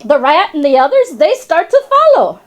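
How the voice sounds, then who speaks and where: A woman's voice: extremely high pitch, big pitch swings, moderate pace. A woman voicing a chatty, wry female classroom parrot in storybook narration, slipping into rhymes and Spanish words. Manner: rhyming, sly asides, tosses in Spanish words.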